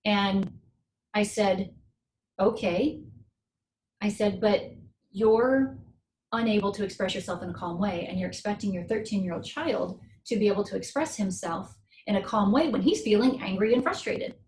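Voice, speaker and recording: A middle-aged woman, a guest speaker on a coaching call, tells a personal story and gives advice. She speaks earnestly and reflectively, slowing down to stress key points. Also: medium pitch, darkish tone. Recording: roomy echo.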